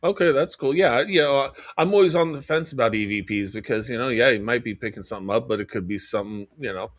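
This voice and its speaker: A man's voice: medium pitch, fast, no room sound. A man co-hosting a casual chat, hesitant and restarting his sentences often. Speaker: podcast co-host.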